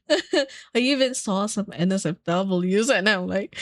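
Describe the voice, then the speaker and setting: Young female streamer, casual chat, giggly and squealy, unhurried delivery, dry close sound. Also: medium pitch, no room sound. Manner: giggly, squealing, gushing with excitement.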